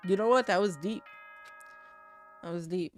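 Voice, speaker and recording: A woman's voice: lowish voice, moderate pace, faint music behind. A woman with a New York accent giving casual let's-play commentary, chatty and blunt, swearing freely and reading the game's text aloud. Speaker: gaming streamer.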